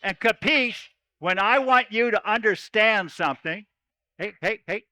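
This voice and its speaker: A man's voice: sits high, normal speed, pushed and bright, no echo, rough recording. A man speaking as a folksy cowboy storyteller, giving a playful chapel talk to children at camp. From Oregon.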